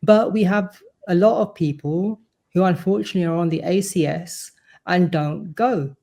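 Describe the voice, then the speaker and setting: With a high, warm voice and some vocal fry, the man speaks at normal speed. He's the vice-chair of a supporters' board, a guest on a casual podcast who talks earnestly and at length.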